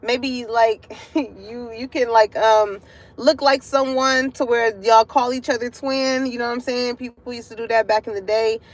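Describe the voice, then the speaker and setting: A woman's voice: on the high side, fairly even intonation, unhurried. A woman giving a casual tarot reading to her viewers from a parking lot, chatty and profane, breaking into laughter often. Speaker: tarot card reader.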